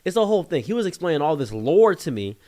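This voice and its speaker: A man from Africa with a Midwestern US accent, telling a story in a casual, animated and chatty way. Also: a little high, fast. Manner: animated, chatty, many fillers.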